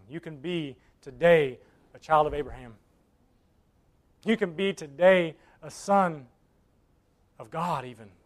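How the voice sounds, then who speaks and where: A male preacher telling a story in a sermon, swinging between loud bursts and near whispers and acting out the voices of the people in it. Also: fairly high pitch. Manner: acts out voices in his stories.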